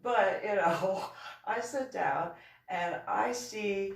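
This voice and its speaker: A woman's voice: medium pitch, slow pace, gravelly. A middle-aged woman telling a rambling personal story in a wry, sarcastic way, chuckling often and restarting her sentences. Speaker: author and reverend. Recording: roomy, voice from a distance.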